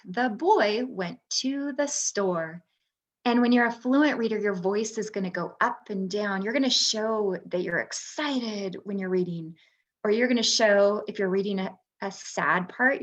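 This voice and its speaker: A woman and former teacher presenting a workshop for parents, explaining things patiently with frequent pauses. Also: medium pitch, dull audio.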